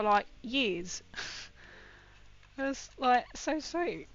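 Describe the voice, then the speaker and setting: A woman's voice: medium pitch, normal speed, a bit bright. Chatty woman on a lo-fi stream. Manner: chatty, rambling, laughs often. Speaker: livestreamer building a model kit. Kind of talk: casual chat while building. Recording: dull lo-fi stream audio.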